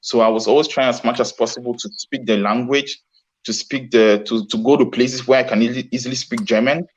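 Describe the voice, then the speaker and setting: A man's voice: medium pitch, fairly even intonation, a little fast. Earnest man, slightly dull recording. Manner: earnest, with many restarts. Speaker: guest. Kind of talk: casual interview.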